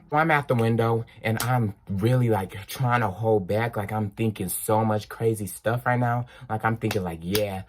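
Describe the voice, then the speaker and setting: A young man telling a personal story in a casual storytime vlog, animated and acting out the people in it. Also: mid-range voice, a little hiss or hum. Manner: animated, acts out voices, drawn-out exclamations. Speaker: vlogger.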